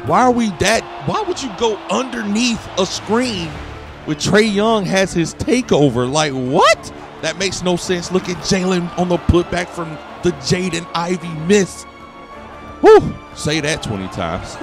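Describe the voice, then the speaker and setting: A man giving excited, trash-talking play-by-play commentary over his own basketball video game session. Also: on the high side. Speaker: gaming video creator. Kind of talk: gameplay commentary.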